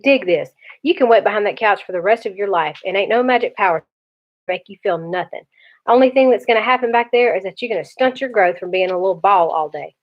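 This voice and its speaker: A woman's voice: mid-range voice, lively intonation, brisk, lightly acted. A blunt, scolding older teen brother who is protective underneath, as a woman reading aloud puts him on. Her voice sits mid-range, and the recording is dull and lo-fi.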